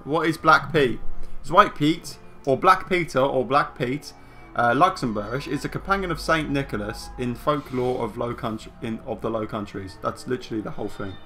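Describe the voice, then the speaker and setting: A man's voice: medium pitch, moderate pace, bright, forceful tone, soft background music. A man chatting casually as co-host, blunt and exasperated, swearing often. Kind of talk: casual chat.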